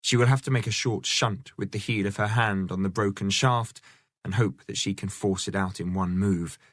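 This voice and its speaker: A man reading a novel aloud as the audiobook narrator, in measured storytelling. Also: lowish voice, steady tone, no echo, studio quality. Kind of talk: scripted narration.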